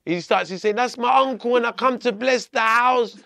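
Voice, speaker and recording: A man, telling a story as a podcast guest in a lively, profane way. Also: very high voice, normal speed, vocal fry, no echo. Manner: animated, profane, laughing storyteller. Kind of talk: storytelling in conversation.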